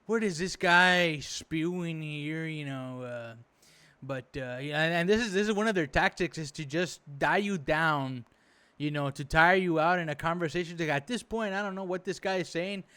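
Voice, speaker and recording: A man's voice: fairly high pitch, normal speed, sharp tone, clean tone. Exasperated swearing man ranting. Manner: indignant, exasperated, swears freely; rambling with many fillers. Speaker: reaction video host. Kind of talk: profane casual reaction commentary.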